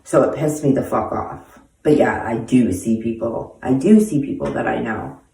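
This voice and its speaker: A woman's voice: extremely low pitch, normal speed, creaky, dark tone. A woman in her forties telling stories from her own life in a casual monologue, speaking bluntly with heavy profanity and street slang. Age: 40s. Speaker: host answering viewer questions. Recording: echoey room, voice far from mic.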